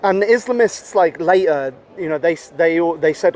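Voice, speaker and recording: Rambling man with a higher voice. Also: moderate pace, hardly any pauses, darkish tone. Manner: rambling, heavy with "you know" and "like" fillers; blunt, swears freely. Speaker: podcast guest. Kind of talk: casual interview conversation.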